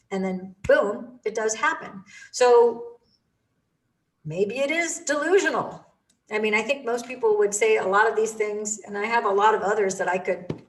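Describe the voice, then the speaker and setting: A woman speaks with enthusiastic, emphatic energy, pressing her points with repetition in a motivational talk. Her voice sits at an ordinary middle pitch. She sounds a little away from the microphone. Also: a bit bright, recorded from a distance, rough recording.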